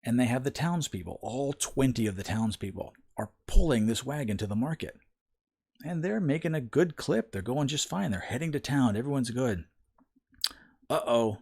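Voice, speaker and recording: A man's voice: mid-range voice, lively intonation, moderate pace, creaky, darkish tone, husky. A man giving opinion commentary, telling a parable in a folksy, emphatic storytelling manner.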